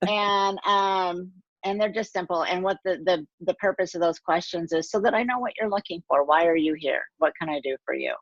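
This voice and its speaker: Earnest low-voiced woman coach, lo-fi. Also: fairly quick, no room sound. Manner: encouraging, earnest. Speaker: guest, empowerment coach. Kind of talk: casual interview chat. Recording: dull, dry lo-fi sound.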